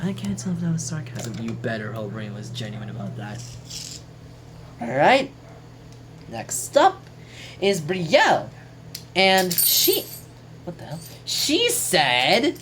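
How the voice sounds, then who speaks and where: A woman's voice: low voice, sing-song, takes it slowly, pauses often, fairly bright tone, slight background noise, low-quality recording. A woman casually reading out and joking about lines from a class quote journal, chatty, rambling and swearing now and then. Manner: chatty, jokey, swears casually, trails off mid-sentence.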